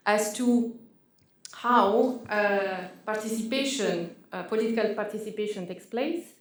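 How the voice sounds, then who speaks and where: Woman moderating an academic panel. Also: medium pitch. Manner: halting, many fillers and restarts. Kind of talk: introducing panelists at an academic event. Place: venue hall at an academic event. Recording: echoey room.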